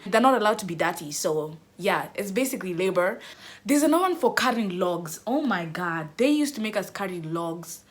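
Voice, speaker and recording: A young woman vlogger telling a dramatic storytime, squealing into high cries as she acts out her panic. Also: lively intonation, moderate pace. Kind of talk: animated storytime.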